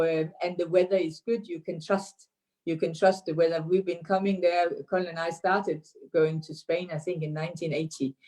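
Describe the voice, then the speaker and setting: Low-voiced Danish woman with many pauses. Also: a little mellow. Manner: hesitant, many fillers and restarts. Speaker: interview guest, dance teacher. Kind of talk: casual remote interview. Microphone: video call.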